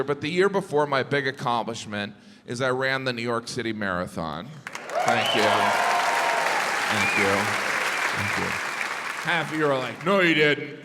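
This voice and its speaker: A man performing a stand-up comedy set, telling stories animatedly and acting out both sides of conversations. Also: mid-range voice. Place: large theater stage. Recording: live theater with long reverb and audience noise.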